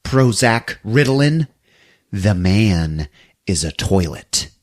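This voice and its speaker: A man putting on a low, hushed voice for a ruthless woman gang leader while retelling a movie. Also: expressive, slow pace. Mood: contemptuous.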